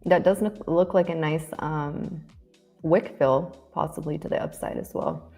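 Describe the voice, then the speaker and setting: Low-voiced woman chatting on a live stream. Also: a little slow, gravelly, warm tone, slightly rough, faint music behind. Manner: chatty, laughs easily, thinks aloud with fillers. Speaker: co-host of a live trading stream. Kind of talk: casual live-stream chat about futures trading.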